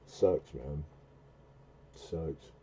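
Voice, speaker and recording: A man in his forties telling a long, rambling story on a casual late-night stream, often stopping and restarting mid-sentence. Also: slight background noise. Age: 40s. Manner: rambling, halting, with many restarts and fillers; acts out quoted dialogue in a much higher, louder voice. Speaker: livestream host.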